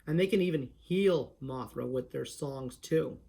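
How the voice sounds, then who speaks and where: A man's voice: mid-range voice, measured pace, gravelly, mellow, breathy edge. A man presenting a voice impression tutorial in a chatty, step-by-step way, often restarting his sentences. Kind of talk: casual tutorial talk.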